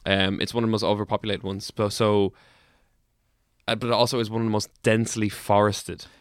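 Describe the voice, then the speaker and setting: A man's voice: lowish voice, a little fast, clear, resonant tone, dry recording, clean studio sound. A man co-hosting a comedy podcast, telling a tale with laughs and swearing. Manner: laughing, animated, swears freely. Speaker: podcast co-host. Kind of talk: casual storytelling banter.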